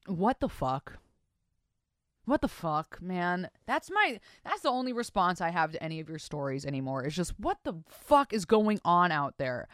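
A woman's voice: fairly low pitch, no echo, clean studio sound. Foul-mouthed woman hosting a podcast. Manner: crude, profane, swings into mock-disgusted reactions. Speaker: podcast host. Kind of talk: casual podcast chat reading listener stories.

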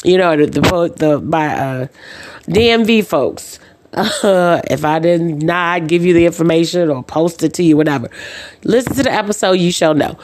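Podcast host, woman with a deep speaking voice; chatty storyteller who acts out dialogue, many ums and uhs. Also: moderate pace, a little mellow. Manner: says "um" and "uh" often. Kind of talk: casual chat.

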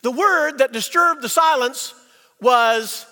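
Man preaching in a church, very high voice, bright, reverberant sanctuary, rhetorical questions, hushed-to-loud delivery. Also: expressive. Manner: rhetorical questions, slows for emphasis, swings between quiet and loud. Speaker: pastor. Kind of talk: sermon. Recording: long reverb in a church hall.

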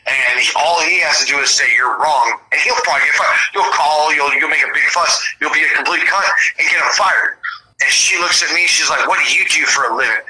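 Young man, very bright tone, foul-mouthed, rambling storyteller, casual chat. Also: a little high, a little fast, slightly rough, poor audio. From Seattle area, US. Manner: profane, rambling, animated storyteller.

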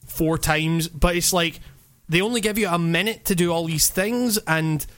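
Podcast host, male, bright upper-leaning voice, loose rambling delivery full of fillers and cursing. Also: on the high side. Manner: rambling, lots of fillers and swearing; animated, laughing. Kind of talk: casual chat.

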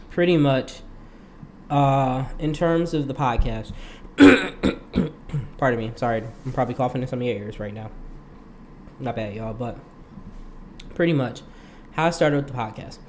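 A man's voice: medium pitch, darkish tone, slight background noise. A young man hosting his own podcast, talking casually in a rambling way and laughing often. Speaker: podcast host. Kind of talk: casual solo podcast monologue.

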